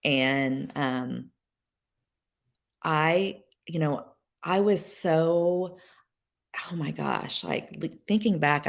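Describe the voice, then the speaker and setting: A woman guest sharing a personal story on a podcast, emotional and halting, with many fillers and restarts. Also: low-pitched, gravelly. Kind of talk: candid personal testimony.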